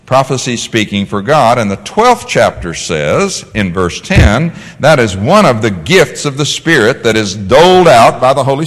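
A man teaching a Bible class, animated, asking the class questions and answering them himself. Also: medium pitch. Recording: long hall reverb.

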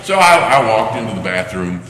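A man's voice: on the low side, a little fast. Older male preacher in an echoey hall. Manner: animated storytelling, acting out children's cries. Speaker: pastor. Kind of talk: sermon. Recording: echoey hall, faint background noise.

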